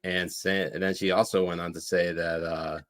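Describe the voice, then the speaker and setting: Low-voiced man hosting a podcast. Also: level tone, moderate pace, a bit bright. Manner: jokey, reads headlines with mock dramatic voices, laughs a lot. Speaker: podcast co-host. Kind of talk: irreverent political podcast chat.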